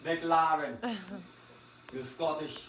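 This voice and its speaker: A man preaching on a livestream, cursing freely and swinging from loud proclamations to hushed murmurs. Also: on the high side, animated, extremely slow, roomy sound, far from the mic, low-quality recording. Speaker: spiritual group leader.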